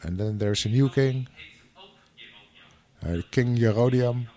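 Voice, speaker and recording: Unhurried preacher with a mid-pitched voice. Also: male voice, mellow. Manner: unhurried, with frequent "you know" and restarts. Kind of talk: sermon with scripture reading.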